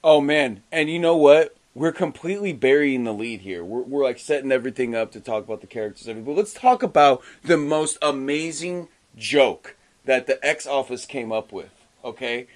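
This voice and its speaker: A man in casual podcast chat, excitable and animated, tripping over his words and restarting sentences as he talks fast. His pitch sits in an ordinary middle range. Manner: enthusiastic, animated, stumbles and restarts often. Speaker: podcast co-host. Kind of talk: casual comic book discussion.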